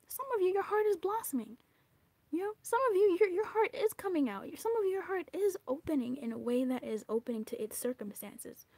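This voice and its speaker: A woman giving a casual, animated spoken card reading. She talks in a chatty way with swearing, drops into whispers, and acts out little asides. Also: high-pitched, fairly quick, no echo. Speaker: tarot reader.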